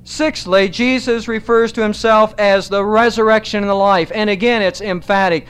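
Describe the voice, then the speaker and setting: A man preaching a sermon in a measured, emphatic way, slowing down to stress key phrases. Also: high-pitched, steady tone, fairly bright tone, clean tone.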